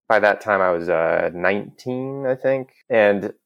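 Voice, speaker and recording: A man in his thirties with a fairly low voice, chatting casually as a guest. He tells stories about himself in an animated, self-deprecating way and often laughs at himself. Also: measured pace, gravelly, lo-fi sound. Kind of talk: casual conversation.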